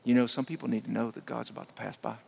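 A man preaching a sermon as a guest speaker, dropping to a hushed voice to make his points. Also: mid-range voice, fairly even intonation, rapid-fire, vocal fry, breathy edge. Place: church sanctuary. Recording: long church hall reverb.

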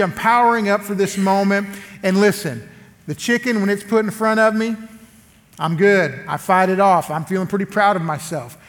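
A man preaching as a guest speaker, telling a story animatedly and acting out the quotes. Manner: animated, acts out quotes with big swings in pitch. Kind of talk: storytelling sermon. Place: large church hall. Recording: long church hall reverb.

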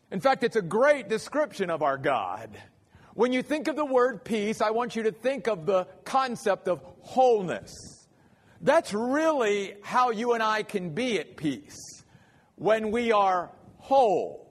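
Male pastor for a slow, deliberate bible sermon, fairly high voice, long hall reverb. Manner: measured, deliberate, repeats key points for emphasis.

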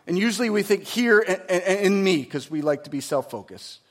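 A man with a notably high voice for a man, preaching a sermon. He shifts from steady teaching to fervent, emphatic preaching and often poses rhetorical questions to the congregation. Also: a little fast. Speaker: pastor.

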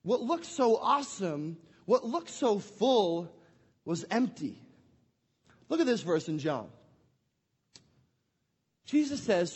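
Young man, pastor, family sermon, husky high voice, playful, church hall with long reverb. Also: takes it slowly, long pauses. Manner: energetic and playful, acting out scenes.

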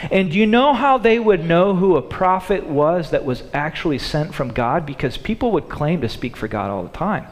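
A man preaching a sermon in an animated way, acting out the thoughts of the people in his story. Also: fairly high pitch, normal speed, few pauses. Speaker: pastor. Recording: long hall reverb.

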